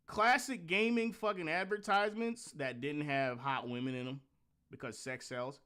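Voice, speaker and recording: Male host, slightly high register, profane and mocking reaction commentary with bursts of animated ranting. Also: normal speed, smooth. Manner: blunt, profane and scornful; animated rants with mocking outbursts.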